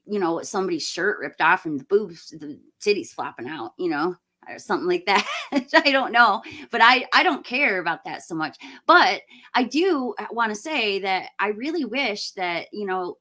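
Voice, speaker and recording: Blunt, bright-voiced woman livestream host. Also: mid-range voice. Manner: blunt, opinionated, ranting with laughs. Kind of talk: casual live movie review chat.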